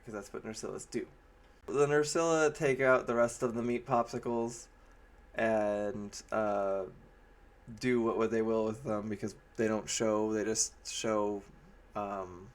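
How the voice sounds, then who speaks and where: A man giving a casual, rambling movie review with a sarcastic edge, often slipping into mocking quoted voices. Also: on the low side.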